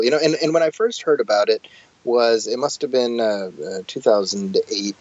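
A man's voice: medium pitch, moderate pace, dry recording. A middle-aged man chatting animatedly about movies, restarting his sentences often. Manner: talkative, animated, frequent restarts. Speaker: podcast guest. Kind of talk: casual chat about movies. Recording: dull, dry lo-fi sound.

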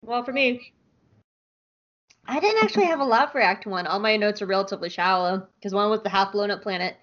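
A woman co-host talks through an episode in a relaxed, eager way, her speech dotted with "like." Her voice sits at a middle pitch. The recording sounds a little dull and lo-fi. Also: brisk. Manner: enthusiastic, lots of "like" fillers. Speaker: podcast co-host. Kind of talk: casual chat recapping an episode.

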